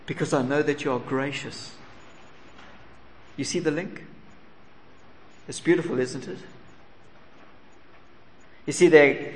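A man delivers an earnest sermon in a large hall, with long reverb trailing his words. He asks the listeners rhetorical questions and slips into quiet, humble pleas. A faint room ambience sits underneath. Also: medium pitch, slight background noise. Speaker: pastor.

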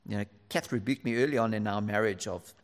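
A man's voice: lowish voice, fast talker. Earnest male preacher in a reverberant hall. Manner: earnest, lively, drops to near whisper for emphasis. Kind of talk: sermon to fathers.

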